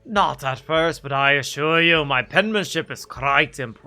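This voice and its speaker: A man's voice: fairly high pitch, unhurried, sharp tone, faint music behind, exaggerated voice. A man voicing a vain, pompous male pirate captain with a put-on Scottish accent and grandiose, theatrical speech. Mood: boastful. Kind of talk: voicing game dialogue on a stream.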